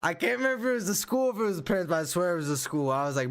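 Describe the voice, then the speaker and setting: A man with a high voice streams a game and chats casually with his viewers. He rants bluntly, full of slang and swearing. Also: big pitch swings, very fast. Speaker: gaming livestreamer. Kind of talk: casual livestream chat while playing.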